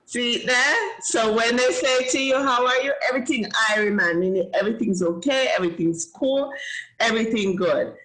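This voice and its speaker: A woman's voice: a little high, moderate pace, a bit bright, rough recording. A Jamaican woman hosting a casual lesson for children, upbeat and encouraging, praising them often. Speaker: host teaching children. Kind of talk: casual teaching chat.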